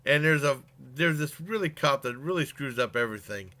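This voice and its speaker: Bright-voiced man rambling through a movie review. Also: mid-range voice, animated. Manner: rambling, halting, full of fillers and restarts; chuckles at the plot as he retells it.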